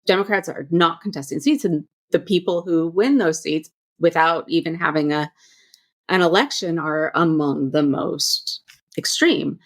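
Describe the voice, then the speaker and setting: Female podcast host, very low gravelly voice, measured and reasoned delivery. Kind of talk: interview conversation.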